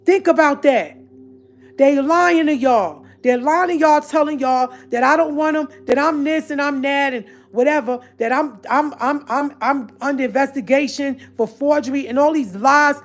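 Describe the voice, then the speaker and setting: A woman's voice: sits high, normal speed. A woman speaking straight to her online audience in a casual, confrontational rant. She is emphatic and keeps repeating her points. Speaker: online commentator addressing viewers. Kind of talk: casual direct-to-camera rant.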